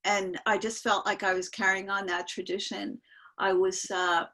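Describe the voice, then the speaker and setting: Older lady telling old stories over a video call, bright voice, lots of ums and pauses. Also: mid-range voice, level tone. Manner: earnest, halting, with many fillers. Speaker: panel guest sharing memories. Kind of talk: casual storytelling on an online call.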